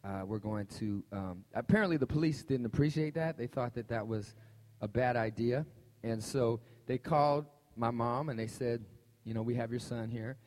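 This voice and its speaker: A man preaching a conversational, animated sermon and telling a personal story to his congregation. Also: medium pitch, normal speed. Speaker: pastor. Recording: long hall reverb.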